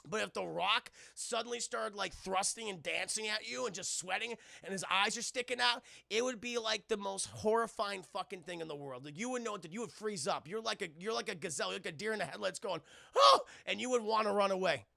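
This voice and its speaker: A man's voice: sits high, a little fast, vocal fry, pushed and bright, no echo, clean studio sound. A young man streaming a rambling, profane film recap to his live chat, acting out characters in silly voices.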